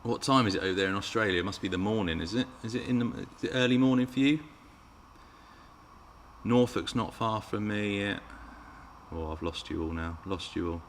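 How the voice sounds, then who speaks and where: Guy on a live q&a, lowish voice, chatty and playful, reads out viewer comments, faint room noise behind. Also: a little fast. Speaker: RC car channel host.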